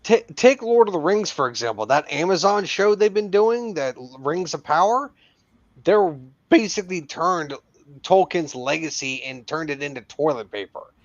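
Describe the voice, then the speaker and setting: A man's voice: a little high, animated, normal speed, no echo. Ranting man on a dull, dry mic. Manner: ranting, emphatic, profane. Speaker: podcast co-host. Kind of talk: casual chat.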